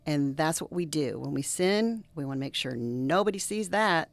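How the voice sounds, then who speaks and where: A middle-aged woman with a low, gravelly voice, talking in an interview. She tells stories earnestly and with feeling, and often drops to a hushed, almost whispered tone. Her delivery sounds close and conversational. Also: moderate pace, no echo. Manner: earnest, animated storyteller who drops to soft near-whispers. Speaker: reverend and guest. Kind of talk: interview conversation with personal storytelling.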